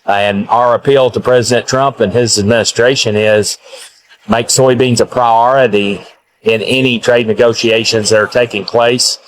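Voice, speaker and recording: A man speaking for farmers in a news clip, measured and halting with frequent fillers. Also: medium pitch, fairly even intonation, a little hiss or hum, rough recording. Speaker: farm advocate.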